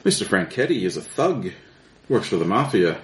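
Villain voiced by a man: calm, taunting, lively low delivery, slight room echo. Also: moderate pace. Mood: menacing. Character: sinister man who taunts and kills. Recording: roomy with faint noise.

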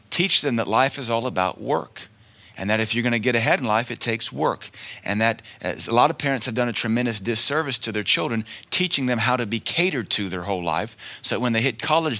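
A man delivers a sermon with a bright, forceful voice that cuts through. He preaches emphatically and tells folksy stories. He hammers his points home by repeating key lines. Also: medium pitch, lively intonation, fairly quick.

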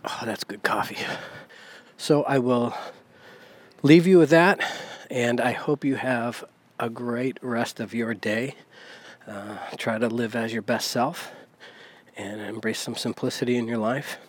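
A man's voice: mid-range voice, steady tone, unhurried. A man hosting a podcast, talking in a loose, rambling way with many fillers and self-corrections while he walks outdoors. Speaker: podcast host. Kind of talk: casual spoken monologue. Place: outdoors, on a walk down a village street. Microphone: handheld recorder.

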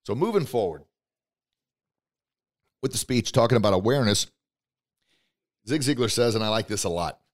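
A man hosting a motivational podcast, coaching listeners directly with excitement and bursts of emphatic shouting. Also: lowish voice, normal speed, pauses often. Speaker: podcast host.

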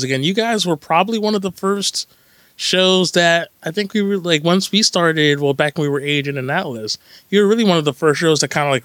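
Chatty podcast host, fairly high voice, dry sound. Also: male voice, a bit bright, dry recording. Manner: chatty, rambling, laughs easily. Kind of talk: casual podcast chat.

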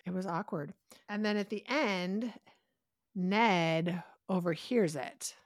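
A woman co-hosting a podcast, recapping a TV episode in an animated, breathless way with rapid asides. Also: lowish voice, no room sound, clean studio sound. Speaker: podcast co-host. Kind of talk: casual chat recapping a TV episode.

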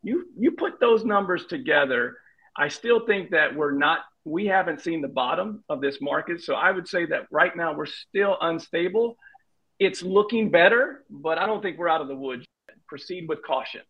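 A man argues his point in a real estate debate, emphatic and quick to tease. His voice sits a little high and has a gravelly edge. The recording sounds dull and lo-fi. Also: lively intonation. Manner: teasing, emphatic. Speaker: real estate investor panelist. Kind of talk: panel debate.

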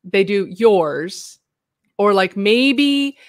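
An American woman hosts a loose, chatty live show. She laughs easily and throws in animated asides. Her voice sits at a middling pitch, recorded close and dry. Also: very slow, no room sound. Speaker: host. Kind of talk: casual livestream chat.

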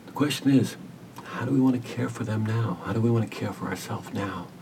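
A man who works as a hospice caregiver, telling a story as a podcast guest in an earnest, gentle, measured way. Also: lowish voice, gravelly, recorded from a distance, slight background noise. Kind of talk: reflective storytelling interview.

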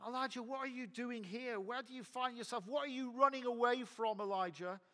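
A man's voice: extremely high pitch, a little fast, fairly bright tone, voice pushed up. A man voicing God, who questions and calls out with coaxing earnestness. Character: God, calling gently and persistently.

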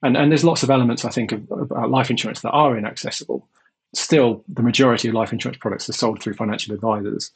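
A man answering interview questions about his company's life insurance, in an earnest, measured way with long explanations. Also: mid-range voice, steady tone, rough recording. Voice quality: gravelly and husky.

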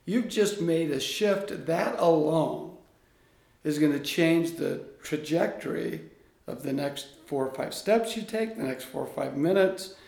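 A man guest in an interview, a coach speaking in an earnest, animated storytelling way. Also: fairly high pitch, unhurried, gravelly. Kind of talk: conversational interview. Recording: echoey room.

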